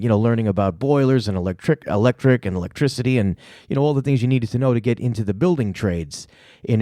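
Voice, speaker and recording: A man's voice: on the low side, warm tone, no room sound. A middle-aged man, hosting a comedy show and telling a rambling, profane story full of fillers. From New York City. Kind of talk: casual storytelling.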